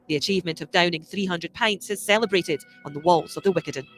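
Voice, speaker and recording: A documentary narrator reading a scripted report in a measured tone. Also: mid-range voice, a bit bright, soft background music.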